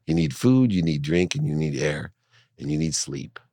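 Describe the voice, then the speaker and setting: A middle-aged man with a very low, deep voice tells a personal story in an interview, earnest and animated. The sound is dry and close, with no room echo. He leans into the emotion and pushes his points hard. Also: normal speed, creaky. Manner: earnest, animated, acts out his mother's voice in dialogue. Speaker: guest, entrepreneur and speaker.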